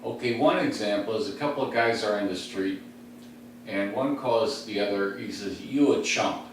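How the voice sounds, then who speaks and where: A man's voice: lowish voice, normal speed. A man from the west side of Chicago, hosting a comedy podcast from his recliner at home. He tells rambling street stories with many fillers and chuckles to himself. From west side of Chicago, USA. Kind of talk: rambling comic storytelling. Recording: very echoey room, mic at a distance, faint hum.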